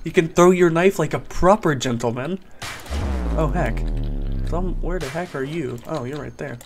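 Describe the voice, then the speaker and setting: A man's voice: fairly high pitch, normal speed, loud music behind the voice. A man giving casual gameplay commentary as a gaming YouTuber, joking and mock-serious while he chats at other players.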